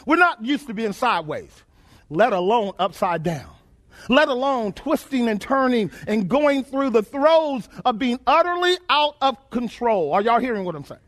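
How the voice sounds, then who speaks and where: A male preacher delivering a sermon in a call-and-response style, repeating his phrases and rising to shouts. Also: very high-pitched, sing-song, moderate pace.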